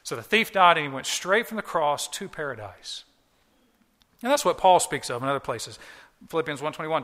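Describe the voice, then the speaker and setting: A man's voice: fairly high pitch, animated, normal speed, sharp tone, long reverb tail. A man preaching a sermon as pastor, earnest and emphatic, often repeating key phrases. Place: church.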